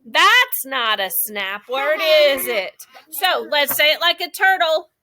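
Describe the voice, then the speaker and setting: A woman leads a classroom phonics lesson for young children. Her voice is high and bright. She speaks slowly and draws out the sounds of words, like a patient teacher. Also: very animated. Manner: slow, exaggerated stretching of sounds for young children.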